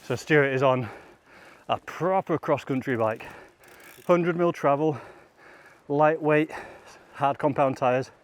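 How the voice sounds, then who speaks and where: A man's voice: a little high, slow pace, long pauses. A man vlogging outdoors on a bike trail, chatting casually and laughing often between remarks. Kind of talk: casual chat while riding.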